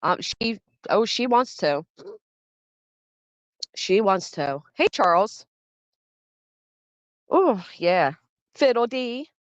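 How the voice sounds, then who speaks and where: A woman's voice: mid-range voice, animated, extremely slow, pauses often, no room sound. A woman in her thirties hosting a casual livestream, chatting and greeting viewers by name as she reads the chat. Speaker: livestream host. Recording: dull dry sound.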